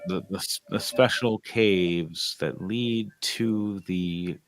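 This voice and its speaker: A lower-pitched man leads a casual tabletop game as its game master. He rambles through scene setup, stops to restart, and fills pauses with "um", while faint music plays behind him. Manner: rambling with many fillers and restarts. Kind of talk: narrating a tabletop game over a call.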